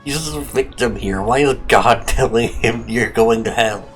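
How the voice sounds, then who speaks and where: A man's voice: mid-range voice, moderate pace, fairly bright tone, faint music behind. A man narrating a comedic text-game playthrough, with wry asides and laughs. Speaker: gaming video host.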